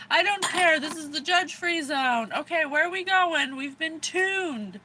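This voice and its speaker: A woman's voice: sits high, lively intonation, slow pace, long pauses, bright, forceful tone, a little hiss or hum. An American woman giving a casual livestream psychic reading, bubbly and rambling, often giggling. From USA. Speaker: psychic reader.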